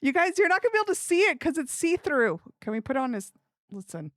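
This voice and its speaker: Giggly high-voiced woman streamer. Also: very animated, fast, no room sound, clean studio sound. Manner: giggly, chatty, talks to herself while working. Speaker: livestream streamer. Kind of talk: casual live-stream chat to viewers.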